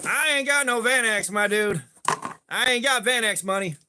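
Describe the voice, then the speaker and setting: An American man hosts a knife-testing livestream, laid-back and joking, greeting chat viewers by name. His very high-pitched voice is animated at a moderate pace, with background noise present.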